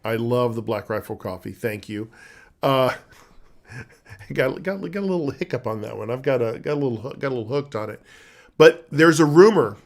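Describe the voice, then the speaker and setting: A man's voice: mid-range voice, expressive, normal speed. A man co-hosting a casual live-stream chat, joking and bantering playfully. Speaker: co-host, author's husband.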